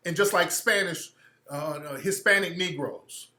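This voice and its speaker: A male radio host rants in a blunt, profane monologue, often restarting and repeating himself. His voice sits high and sounds bright and sharp. The room around him is echoey. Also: a little slow. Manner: acts out quoted people in mocking voices. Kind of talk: opinionated talk radio monologue.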